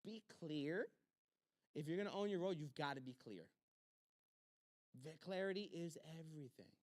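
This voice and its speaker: A man, a pastor, teaching a church leadership class with short, repeated commands and quick acted-out exchanges. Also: on the high side, expressive, dry recording, clean studio sound.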